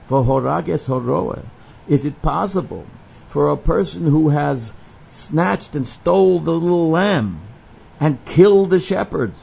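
Gravelly-voiced man teaching scripture. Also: a little high, mellow. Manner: explanatory, quotes the Hebrew text and then translates it. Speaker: Torah teacher. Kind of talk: verse-by-verse scripture lesson. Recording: dull lo-fi recording with faint noise.

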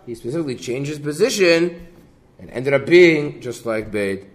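A man teaching a Talmud class, reading the Aramaic text and explaining it in English with a lively delivery. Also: mid-range voice, normal speed. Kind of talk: Gemara class.

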